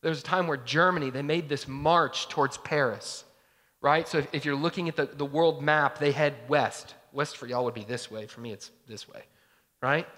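A man's voice: a little high, normal speed, sharp tone, big-room sound. A man preaching a sermon as pastor in a casual, conversational way, full of fillers like "like" and "right?", recorded in a church.

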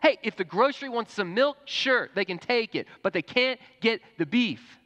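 A man voicing a stubborn male cow in a told story, loud and high-pitched in protest. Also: lively intonation, normal speed, muffled recording, full character voice. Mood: indignant. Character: stubborn talking male cow guarding himself.

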